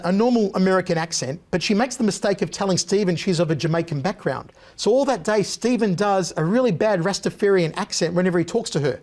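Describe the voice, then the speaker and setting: A man sits as a guest on a talk show and spins long, animated stories. His voice sits notably high for a man, and he slips into the voices of the people he describes. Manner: lively storyteller who mimics other people's voices. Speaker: interview guest. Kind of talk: animated anecdote-telling.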